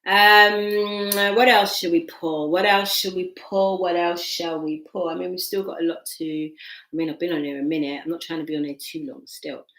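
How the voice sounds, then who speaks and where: A woman's voice: fairly low pitch, fairly even intonation, moderate pace, fairly bright tone, reverberant. A woman doing a casual tarot reading, chatty and repeating her phrases as she talks to herself. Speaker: tarot reader.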